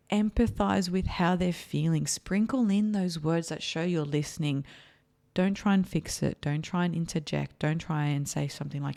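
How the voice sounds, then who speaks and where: A woman's voice: low-pitched, normal speed, creaky, warm tone. A woman therapist hosting an advice podcast, speaking earnestly and repeating her key points for emphasis.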